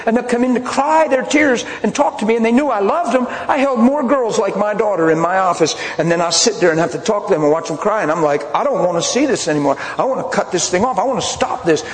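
Pastor, male, lively and blunt storyteller, slightly high voice, big hall reverb with faint room noise. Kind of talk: sermon.

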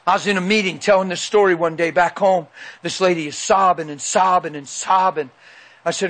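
Male preacher, high-pitched, folksy storytelling, emphatic, acts out dialogue. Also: fairly even intonation, normal speed, a bit bright. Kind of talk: sermon storytelling.

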